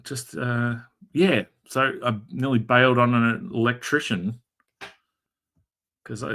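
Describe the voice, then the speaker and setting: A man's voice: medium pitch, fairly bright tone. A middle-aged Australian man chatting casually on a drawing stream, telling rambling jokey stories full of fillers, from a converted garage room. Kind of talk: casual chat while drawing.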